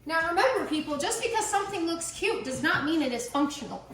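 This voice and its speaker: A woman's voice: very high voice, lively intonation, fast, fairly bright tone, roomy sound, slight background noise. A woman hosting a casual cooking vlog from her home kitchen, joking around and filling her talk with "like". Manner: chatty, joking, lots of "like" fillers.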